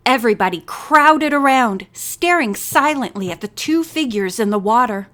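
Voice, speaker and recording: A woman narrating a mystery novel as an audiobook reader in a steady, measured manner. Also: a little high. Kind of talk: reading a novel aloud.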